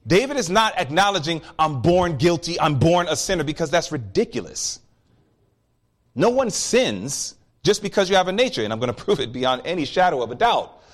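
Animated male preacher with a lively voice. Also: fairly high pitch, moderate pace. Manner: animated, emphatic, storytelling. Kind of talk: sermon.

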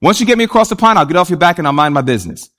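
A man voicing a sly scorpion in a spoken fable, smooth-talking and persuasive. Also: sits high, big pitch swings, rapid-fire, a bit bright. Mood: coaxing.

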